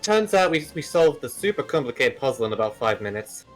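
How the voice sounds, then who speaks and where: A man's voice: mid-range voice, big pitch swings, brisk, soft background music. Blunt, impatient man at a game table. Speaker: player.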